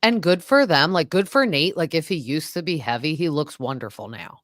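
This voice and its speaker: A woman's voice: low-pitched, expressive, normal speed, no room sound, studio quality. A woman hosting a podcast, chatting casually and animatedly as she recaps a reality show and acts out quotes. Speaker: podcast host.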